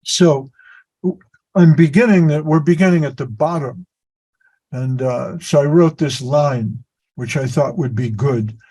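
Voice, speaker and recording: A man's voice: a little high, a little slow, warm tone, breathy edge, poor audio. A man telling a meandering, self-deprecating story on a video call as a spiritual teacher. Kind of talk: anecdotal storytelling.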